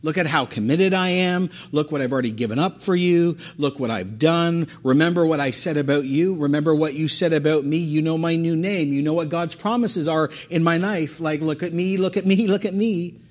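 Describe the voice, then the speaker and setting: A man's voice: medium pitch, sing-song, moderate pace, slightly rough. A man voicing the disciple Peter, pleading and stammering with emphatic repeats. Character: boastful, desperate male disciple Peter.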